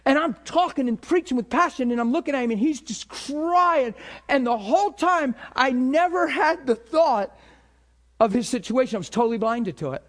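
A man preaching a conversational sermon as a pastor, animated, acting out imagined thoughts in a hushed voice and laughing between points. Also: very high voice, moderate pace.

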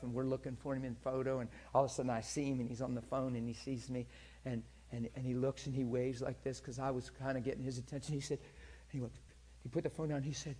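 A husky male preacher, earnest, talks right to the crowd like a chat, mid-pitched voice. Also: warm tone. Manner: earnest, conversational, direct address. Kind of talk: sermon storytelling.

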